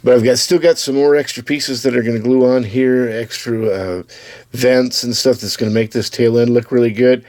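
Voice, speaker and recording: A man casually talking to camera as he shows the parts of a model car he is building, easygoing and unhurried, with the odd restart. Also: medium pitch, fairly even intonation, darkish tone, no room sound. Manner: easygoing, talks to camera while showing parts, with small restarts. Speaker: hobbyist building custom slot cars. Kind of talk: casual build-update video.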